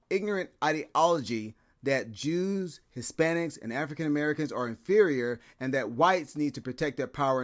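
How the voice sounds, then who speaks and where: A man hosting a commentary video, talking in a chatty way with lots of fillers. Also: mid-range voice. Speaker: commentary channel host. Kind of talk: casual commentary.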